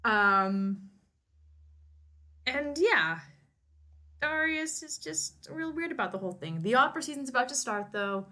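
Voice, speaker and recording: A woman's voice: high-pitched, expressive, measured pace, pauses often, sharp tone. A woman co-hosting a podcast, casually recapping a novel in a rambling, wry way with many restarts. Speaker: co-host summarizing a novel.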